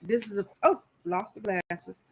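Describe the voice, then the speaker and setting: A woman's voice: mid-range voice, a little slow, slightly rough, low-quality recording. A woman hosting a casual live-stream quilting tutorial, chatting straight to her viewers as she goes.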